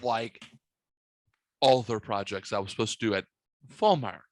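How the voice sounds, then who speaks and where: Speaking at a moderate pace, a man with a lowish, slightly mellow voice hosts a podcast in a dry recording. His casual story runs long and profane, with the dialogue acted out as he goes.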